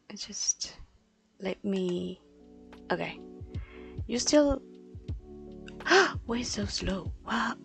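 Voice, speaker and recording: A language teacher whose first language is Spanish, talking on a live-streamed class in a flustered, apologetic way into a desktop microphone. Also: female voice, medium pitch, creaky, no room sound. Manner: flustered and apologetic, many restarts. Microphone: desktop microphone on a computer.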